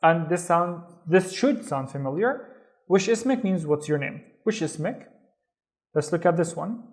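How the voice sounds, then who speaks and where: A man leads a beginners' reading lesson with a slightly raised pitch. He is patient and sounds each syllable out slowly, repeating it before moving on. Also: animated. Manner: patient, slow repetition of syllables. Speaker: Arabic teacher.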